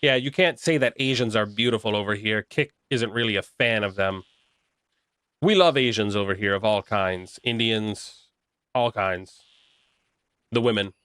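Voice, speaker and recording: A man's voice: lowish voice, moderate pace, a bit bright, clean tone, dry recording, studio quality. A young man chatting casually on a live stream, rambling and making crude jokes while reacting to chat. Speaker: livestreamer reading chat.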